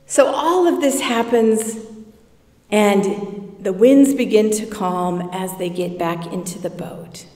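Unhurried woman pastor in echoey church. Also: medium pitch, a little mellow. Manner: reflective, conversational preaching. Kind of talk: sermon. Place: church sanctuary. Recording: echoey church hall, from far off.

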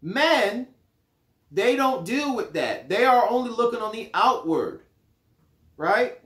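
A man teaching a bible study in a playful, animated preaching manner. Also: extremely high pitch, slow, pauses often. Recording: roomy echo.

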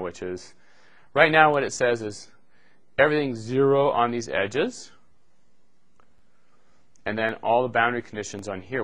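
A man's voice: medium pitch, a bit bright. A middle-aged man giving a live university lecture, explaining steps in a loose, joking way with frequent "okay" and "right.".

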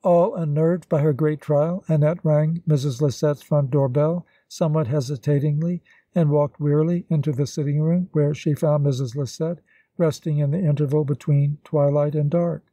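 A man narrating a classic novel as an audiobook, reading in a steady, even manner. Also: on the high side, moderate pace, no echo.

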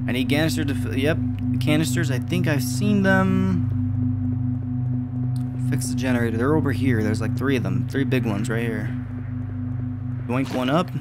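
Man narrating a horror game, swearing. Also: medium pitch. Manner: casual, swears a lot, jumpy reactions. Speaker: gaming video creator. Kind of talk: horror game let's play commentary.

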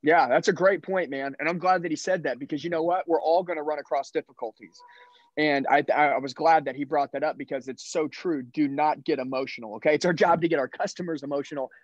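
A man coaching salespeople in an emphatic, punchy way, pressing each point home with a quick "okay?". His voice sits fairly high. The sound is dry and a little dull. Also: fairly even intonation, no room sound. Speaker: sales trainer. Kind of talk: motivational sales talk.

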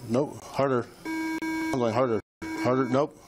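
Patient police officer coaching a breath test. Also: male voice, mid-range voice, steady tone, unhurried. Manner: patient, repetitive coaching commands. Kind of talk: giving breath-test instructions. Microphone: body camera. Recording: noisy body camera audio.

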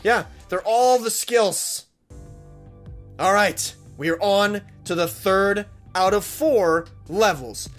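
A man hosting a let's play, excitable and swearing as he trash-talks the game's bosses. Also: high voice, slow pace, soft background music. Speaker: gaming channel host.

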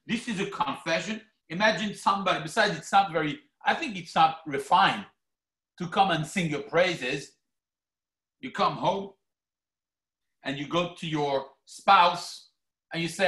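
A man preaching a sermon as rabbi, animated and theatrical, acting out mock quotes. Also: a little high, a little slow. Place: synagogue hall. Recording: echoey hall.

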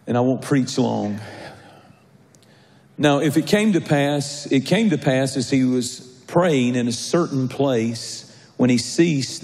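A male pastor with a medium-pitched, somewhat dark voice preaches a sermon in a large church sanctuary. He starts out conversational and jovial, then builds to a fervent reading, and the recording carries the echo of the church hall.

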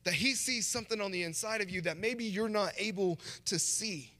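A man's voice: sits high, brisk, pushed and bright. A man preaching a conversational sermon as a guest pastor in a church. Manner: conversational, acts out short quoted voices. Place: church sanctuary. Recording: long church hall reverb.

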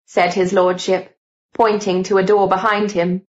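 A woman narrating an audiobook with clear, steady storytelling. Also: medium pitch, a little slow, lo-fi sound. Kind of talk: scripted narration.

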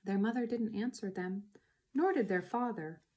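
A woman reading a children's book aloud, narrating in an expressive way. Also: mid-range voice, normal speed. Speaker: reader.

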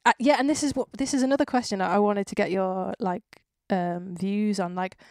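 A woman's voice: mid-range voice, a little fast, a little mellow, no room sound, studio quality. Chatty woman with a Northwest English accent. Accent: Northwest England, Cheshire. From England. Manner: chatty, rambling, swears casually. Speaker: podcast host. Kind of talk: casual interview chat.

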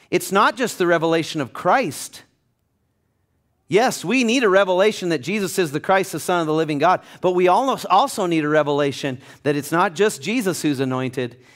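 A man pastor preaching a passionate sermon in a church, building to loud emphatic peaks. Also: fairly high pitch. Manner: passionate, rising to near-shouting. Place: church sanctuary.

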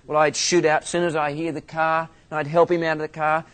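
Brief: Australian male minister, theology lecturer, fairly high voice, humorous storyteller. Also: level tone, fast talker, few pauses, a bit bright. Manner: humorous storytelling, self-mocking asides.

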